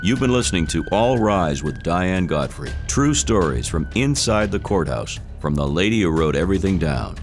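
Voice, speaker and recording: A man delivering a scripted podcast outro as announcer, in steady announcer style. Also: low voice, moderate pace, few pauses, faint music behind. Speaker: co-host, announcer.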